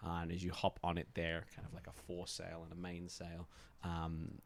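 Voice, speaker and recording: A man with a very low voice runs a tabletop game. He describes the scene in a relaxed, loose way, pausing with fillers as he goes. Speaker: game master.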